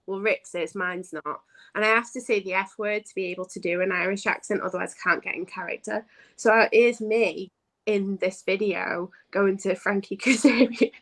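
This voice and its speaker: A woman guest telling stories in a casual chat, self-deprecating and animated. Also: mid-range voice, normal speed. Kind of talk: casual storytelling.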